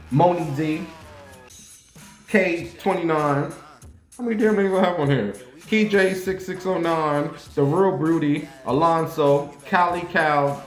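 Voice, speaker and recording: A man chatting casually and crudely to his viewers, with sudden jumps up to playful squeals. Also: on the high side. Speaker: vlogger. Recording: roomy echo.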